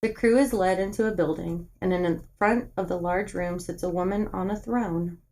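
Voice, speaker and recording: A woman's voice: fairly low pitch, fairly even intonation, moderate pace, warm tone, low-quality recording. Woman podcast co-host, plain read-aloud narration with casual asides. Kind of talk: reading a book aloud with casual chat.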